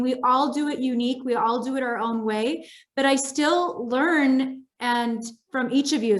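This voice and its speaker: A woman's voice: high-pitched, fairly bright tone. A woman who just graduated from a speaking course, thanking her classmates earnestly over a video call. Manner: earnest and grateful. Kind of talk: reflective thank-you remarks.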